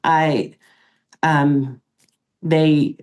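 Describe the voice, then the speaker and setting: A middle-aged woman with a deep, slightly mellow voice and level tone talks as a podcast guest. Emotional and halting, she recounts events with many pauses and fillers.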